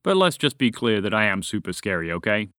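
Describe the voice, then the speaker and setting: A man's voice: lowish voice, big pitch swings, a little fast, a bit bright, dry recording, pitched below the performer's own voice. Guy doing a big solemn dragon who really wants u to know hes scary, kids story, dry sound. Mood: grave. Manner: solemn and self-important. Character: huge boastful male dragon, grave yet wants to seem scary.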